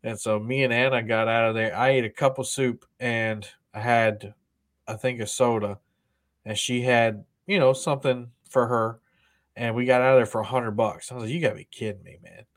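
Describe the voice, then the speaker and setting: A man's voice: medium pitch, level tone, moderate pace. A man co-hosting a podcast, chatting casually and rambling with frequent laughs and restarts. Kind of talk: casual chat.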